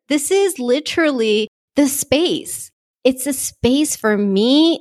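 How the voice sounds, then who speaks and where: A woman speaking in a personal vlog, gushing and heartfelt, emotional and close to tears. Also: on the high side. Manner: gushing, heartfelt, tearful at times. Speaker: vlogger speaking to her community.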